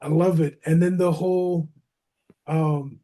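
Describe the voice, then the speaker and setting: A man co-hosting a casual wrestling podcast, talking in an animated, slangy way and calling his co-host "bro" and "man". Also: on the high side, a little slow.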